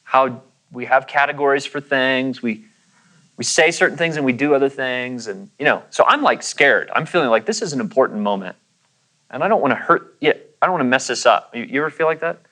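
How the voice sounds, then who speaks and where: A man's voice: medium pitch, lively intonation, a little fast, sharp tone, low-quality recording. Man pastor telling a sermon story. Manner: conversational, acts out quoted voices.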